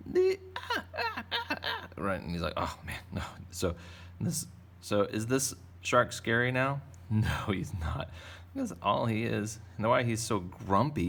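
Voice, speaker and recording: A man's voice: on the low side, vocal fry. A man teaching a drawing lesson for kids, talking in a playful, rambling, jokey way as he draws. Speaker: art teacher.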